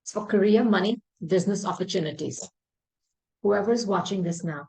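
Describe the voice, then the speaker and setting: A woman reading tarot cards for her viewers, talking in an emphatic, intuitive way, often repeating words and clearing her throat. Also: mid-range voice, expressive, normal speed, darkish tone, low-quality recording. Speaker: tarot reader.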